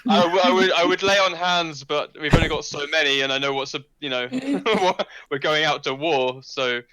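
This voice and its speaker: A man's voice: on the high side, normal speed, sharp tone. A man playing a tabletop game, chatting casually, giggly and sheepish. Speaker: player. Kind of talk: casual chat.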